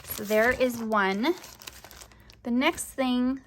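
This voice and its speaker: Young woman vlogging about her crafts, kinda high voice, rambly with lots of um and like, voice goes up at the end. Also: drawn-out words, slight background noise. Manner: chatty, rambling, many fillers, voice rising at sentence ends. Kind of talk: casual chat to camera.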